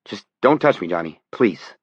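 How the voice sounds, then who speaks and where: A man's voice: fairly low pitch, animated, moderate pace, husky, no room sound. A man voicing a nervous male TV reporter in an audiobook, keeping his distance. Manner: nervous, backing away. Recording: dull lo-fi audiobook recording.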